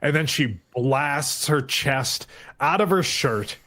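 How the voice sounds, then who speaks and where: A man co-hosting a podcast, casually recapping an episode, acting out lines in quick mock voices and swearing freely. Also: a little high, expressive, a bit bright. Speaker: podcast co-host.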